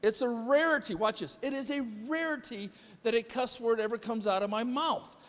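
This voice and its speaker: High-voiced chatty pastor in a reverberant church. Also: male voice, moderate pace, a bit bright. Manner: chatty, quizzes the congregation, self-deprecating humor. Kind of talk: conversational sermon storytelling. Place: church sanctuary. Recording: long hall reverb in a church.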